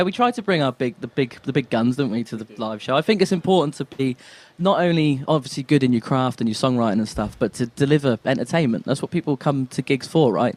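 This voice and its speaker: A man, a singer-songwriter guest on a podcast, chatting in a friendly way and laughing often. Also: medium pitch. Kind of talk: casual chat.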